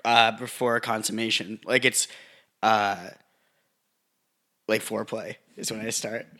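A man co-hosting a comedy podcast with a sore, gravelly throat, rambling and joking as he talks. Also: on the low side, little pitch movement, unhurried, sharp tone. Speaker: podcast co-host. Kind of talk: crude comedic podcast chat.

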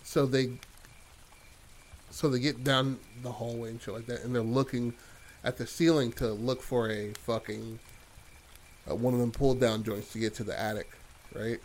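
A man's voice: medium pitch, fairly even intonation, normal speed, long pauses, darkish tone, a little hiss or hum. A man hosting a podcast who tells an improvised story casually, rambling with lots of swearing and restarts. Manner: rambling and profane, full of fillers and restarts. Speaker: podcast host telling a story.

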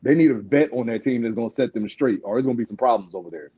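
A man's voice: mid-range voice, racing, husky, dry recording, muffled recording. A man giving matter-of-fact opinions in a casual chat among friends.

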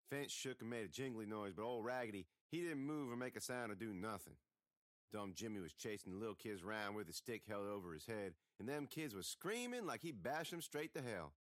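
A man reads a first-person tale with folksy, expressive delivery. His pitch swings widely as he tells it. The sound is dry and close, with no room around it. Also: no room sound. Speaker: audiobook narrator. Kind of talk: first-person storytelling reading.

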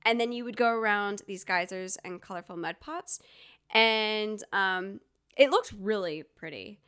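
This chatty Georgia storyteller co-hosts a podcast, her casual talk full of fillers and asides. She speaks a little slowly in a mid-range voice that's a bit bright and clean.

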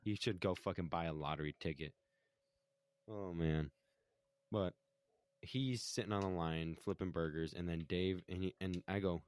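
A man with a low voice tells a story in relaxed podcast chat. He is heated and swears in almost every sentence. The sound is dry and close. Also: moderate pace, clean tone, dry recording. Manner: heated, swears constantly, acts out quotes. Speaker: podcast co-host telling a story. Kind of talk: casual chat.

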